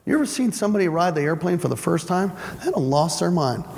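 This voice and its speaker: A man preaching a lively, story-driven sermon to a congregation, playful and animated as he acts out his stories. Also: on the high side, fast talker, vocal fry, a little hiss or hum. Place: church before a congregation. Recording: echoey church hall with faint ambience.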